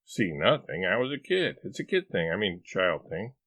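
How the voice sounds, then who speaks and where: A man voicing a pompous, eccentric husband who lectures in a drawn-out, know-it-all way in a storybook reading. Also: sits low, big pitch swings, fairly bright tone, no room sound, full character voice. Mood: lecturing.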